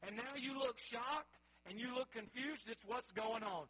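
High, bright-voiced preacher man. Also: normal speed, husky, rough recording. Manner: folksy, storytelling, calls out to the congregation. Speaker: pastor. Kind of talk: sermon.

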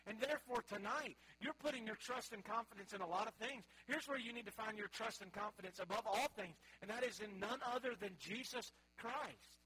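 Male pastor, 30s, high husky voice, folksy sermon storyteller. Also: fairly quick, few pauses, bright, forceful tone, poor audio. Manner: folksy, storytelling, calls out to the congregation.

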